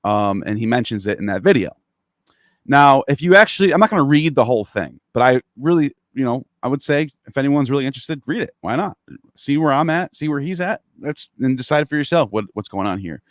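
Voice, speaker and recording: Heated, lively man ranting. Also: mid-range voice, fairly quick, dry recording, clean studio sound. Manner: animated, rambling, profane, heated. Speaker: podcast host. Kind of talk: casual online discussion.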